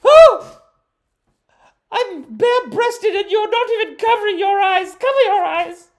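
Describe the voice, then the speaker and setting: A man putting on a high, shrill falsetto as an indignant woman teacher who shrieks in outrage. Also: lively intonation, a little slow, heavily acted. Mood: shrieking.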